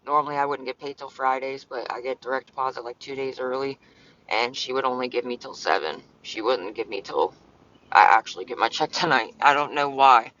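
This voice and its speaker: A man's voice: medium pitch, fairly quick, bright, forceful tone, dull audio. A man streaming casually from his parked car, rambling, swearing often and talking back to commenters. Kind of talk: casual livestream chat. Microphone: phone.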